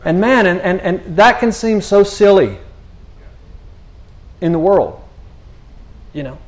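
A man telling a faith story in an animated, rambling way, often restarting and saying "you know". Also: high voice, takes it slowly. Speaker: speaker sharing a faith testimony. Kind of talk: casual spoken testimony.

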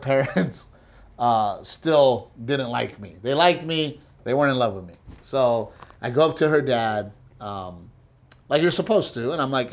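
A man telling a funny personal story in casual chat, acting out other people's lines, swearing and laughing as he goes. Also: medium pitch. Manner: animated storyteller who acts out quoted voices, swears, laughs often. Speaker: comedian, co-host.

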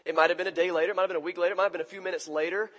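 Man, pastor, sermon, high voice, breathy, conversational, reverberant church hall. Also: fairly even intonation, very fast. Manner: conversational preaching, acts out quoted lines with big swings in loudness.

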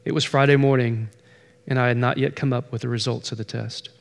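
A man's voice: medium pitch, fairly even intonation, fairly quick, gravelly. A man preaching as pastor, telling a story and pressing its point with emphatic repetition. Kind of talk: sermon.

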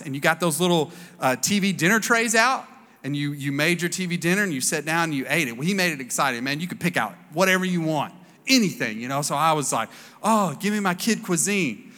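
Bright-voiced male preacher in a reverberant hall. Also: fairly high pitch. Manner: conversational storytelling, acts out quoted voices. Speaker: pastor. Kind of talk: sermon. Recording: long reverb of a large hall.

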